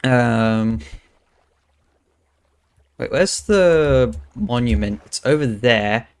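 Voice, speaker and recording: A man's voice: medium pitch, lively intonation, extremely slow, smooth. A young man streaming a game, thinking aloud and muttering counts under his breath as he builds. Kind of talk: casual gaming commentary.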